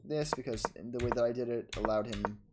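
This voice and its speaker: A man in a casual chess vlog, narrating his own game in quick bursts and scolding himself for his mistakes. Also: mid-range voice, very noisy. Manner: frustrated, self-critical, talks in quick bursts and trails off. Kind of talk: casual self-commentary over a chess game.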